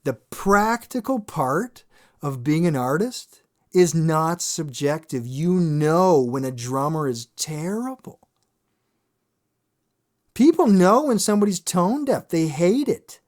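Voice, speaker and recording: A man hosting a podcast, a singer talking in a casual, animated monologue, swearing freely and acting out quoted voices. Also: fairly high pitch, takes it slowly. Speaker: podcast host.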